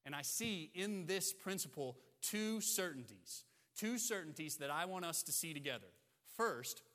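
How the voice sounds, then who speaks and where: Male pastor, fairly high and bright voice, emphatic sermon delivery with repeated phrases, long hall reverb. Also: expressive, normal speed.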